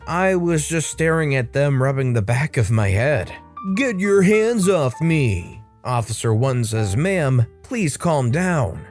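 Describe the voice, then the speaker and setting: A man narrating online stories aloud and adding his own casual commentary between them. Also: medium pitch. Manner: steady, conversational storytelling. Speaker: story channel narrator.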